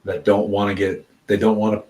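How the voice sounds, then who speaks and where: A man co-hosting a casual podcast chat over a video call, talking in a relaxed, rambling way with lots of fillers. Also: on the low side, a little fast. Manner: laid-back, chatty, lots of fillers and laughter. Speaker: podcast co-host.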